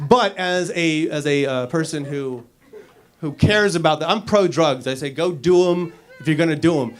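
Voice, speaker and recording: A man working a stand-up set in a comedy club, talking into a handheld stage mic. His voice sits a touch high for a man. He is brash and profane, jumping from shouted punchlines to low, mumbled asides. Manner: brash and profane, swinging between loud bursts and mumbled asides.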